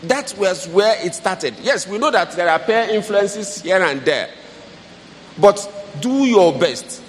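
A man's voice: high voice, animated, slow pace. A man giving earnest, exhorting advice to parents in a preaching style. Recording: hall reverb, faint noise.

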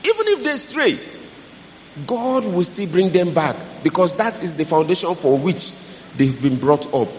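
A man's voice: high voice, sing-song, a little slow. A man giving earnest, exhorting advice to parents in a preaching style. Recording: hall reverb, faint noise.

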